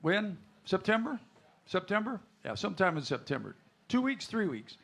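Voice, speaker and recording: A man's voice: high voice, very animated, moderate pace, gravelly, a bit bright. A man hosting a live country music show, rambling through stage banter and a joke with many uhs. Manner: rambling, many uhs, chuckles at own jokes. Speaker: stage show host and emcee. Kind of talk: joking stage banter with audience.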